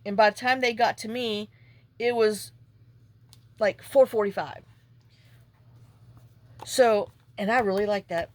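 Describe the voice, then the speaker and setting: A woman vlogger telling a story in a chatty, exasperated way while she works on a papercraft project at home. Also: medium pitch. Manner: chatty, exasperated, salty venting. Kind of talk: casual storytelling while crafting.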